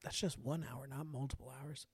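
A man's voice: mid-range voice, fairly even intonation, moderate pace, a little mellow, husky, dry recording, studio quality. A man joining a podcast as guest co-host, chatting casually and laughing often. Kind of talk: casual chat.

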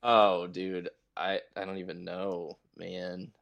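Man, low voice, laid-back podcast co-host, easygoing chatter. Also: flat delivery, slow pace, gravelly, dull audio. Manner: laid-back, says dude a lot. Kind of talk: casual podcast chat.

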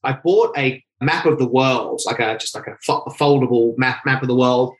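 A man tells a personal story as an interview guest. He talks in fast, lively bursts, often correcting himself mid-sentence. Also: mid-range voice, poor audio. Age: 20s. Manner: animated, rapid storytelling with self-corrections.

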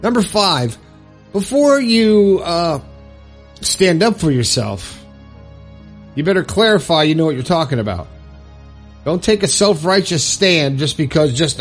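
A man's voice: fairly high pitch, big pitch swings, a little slow, faint music behind. A man giving earnest motivational advice, coaching listeners step by step and checking in with them often. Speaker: self-help video host.

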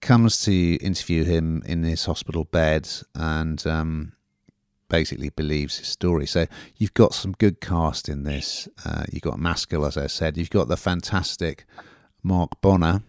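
A man with a very low voice hosts a casual podcast chat, rambling a bit as he reviews a TV drama. The sound is dry and close, with no room around it. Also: measured pace, a little mellow, dry recording. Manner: chatty, rambling with fillers.

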